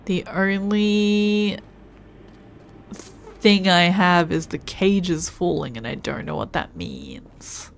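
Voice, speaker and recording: A woman streams a video game and thinks aloud as she plays, puzzling things out to herself. Her voice sits a little low and she talks slowly, with a faint hiss of noise behind her. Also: lively intonation, creaky. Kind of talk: casual gameplay commentary.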